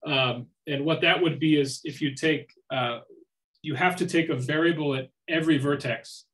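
A man's voice: a little high, fairly even intonation, normal speed, a bit bright, low-quality recording. A man giving an academic lecture as seminar speaker, thinking aloud with frequent fillers and restarts.

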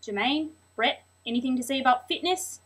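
A woman playing a fussy, officious male band manager in a comedy sketch, with a put-on New Zealand accent and a brisk, by-the-agenda manner. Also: sits high, husky, voice pushed up. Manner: brisk, runs a meeting by agenda items.

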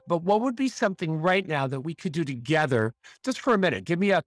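A man's voice: on the high side, animated, quick pace, no room sound. A man in his fifties hosting a podcast, upbeat and enthusiastic in casual interview chat, laughing often. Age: 50s. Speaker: podcast host.

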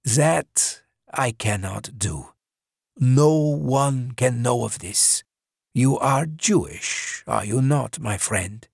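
A man playing a courteous older murderer in an audiobook horror story, talking slowly in a gravelly, raspy voice and sounding politely apologetic while he kills. The line readings swing up and down in pitch. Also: expressive, no room sound, studio quality, heavily acted. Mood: cold courteous. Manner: courteous, measured, coldly apologetic.

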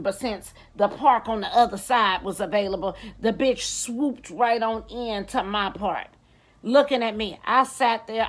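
A woman vlogger delivering a blunt, profane comedic rant straight to camera. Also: medium pitch. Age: adult.

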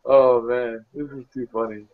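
A man's voice: medium pitch, little pitch movement, moderate pace. Swearing, laughing man on video call. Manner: laughs hard, swears a lot. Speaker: host of a live hangout. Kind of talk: casual chat. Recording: slightly dull video call audio.

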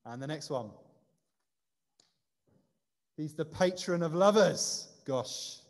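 A man's voice: fairly high pitch, expressive, slow. A man leading a light-hearted quiz in a church service, chatty and self-deprecating. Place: church building. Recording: long reverb of a church hall.

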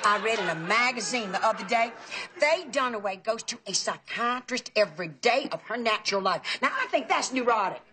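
An actress playing a talkative, fussy aunt in a sitcom. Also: female voice, on the high side, lively intonation, fairly quick, noisy background, natural voice. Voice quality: talkative, fussy about pronunciation. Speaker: Aunt Frida, chatty relative. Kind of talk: sitcom acting. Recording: TV sitcom audio with audience laughter.

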